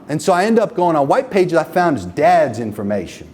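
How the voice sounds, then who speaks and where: A man's voice: a little high, very animated, a little fast, few pauses, a little mellow. A man giving a live seminar to a room of business owners, profane and emphatic, checking in with the audience with questions like "okay?" and "right?". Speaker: marketing agency owner presenting a workshop.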